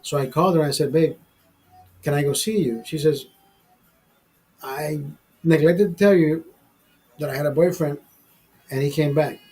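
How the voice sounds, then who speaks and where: A man's voice: a little high, normal speed, pauses often, mellow, husky, soft background music, low-quality recording. A man hosting a live stream, telling a personal story in a rambling, profane way full of fillers and restarts. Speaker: show host telling a story. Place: studio.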